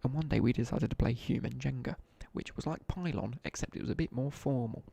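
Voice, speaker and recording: A young British man speaks a little fast in a warm, creaky, mid-range voice with a breathy edge and no echo. While gaming on a live stream, he chats away with laddish, slang-heavy school stories and side remarks.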